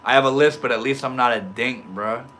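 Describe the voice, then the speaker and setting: A man's voice: medium pitch, fairly quick, sharp tone. A man chatting loosely with his livestream viewers, reading their comments aloud in slangy talk full of bro and dude. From Maine. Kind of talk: casual livestream chat.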